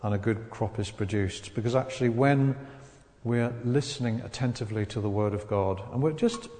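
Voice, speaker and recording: Preacher in a reverberant hall. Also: male voice, mid-range voice, moderate pace. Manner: animated storytelling, acts out voices of the people in the story. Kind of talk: sermon. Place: church hall. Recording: long reverb of a large hall.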